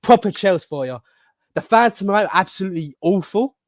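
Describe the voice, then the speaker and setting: A man's voice: high-pitched, animated, fairly quick, no echo. A fuming man joins the show as a guest, speaking bluntly in a slightly raised voice. His recording is dry and close, with no room sound. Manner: fuming, blunt, keeps saying "bro". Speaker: co-host fan guest. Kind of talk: angry post-match reaction rant.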